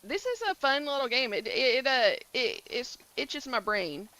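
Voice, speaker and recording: A woman's voice: high voice, sing-song, moderate pace, bright, forceful tone, rough recording. A woman from Georgia with a Southern accent, chatting casually on a game stream and greeting viewers by name. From Georgia, USA. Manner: upbeat, greets chat by name. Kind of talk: casual live-stream chat.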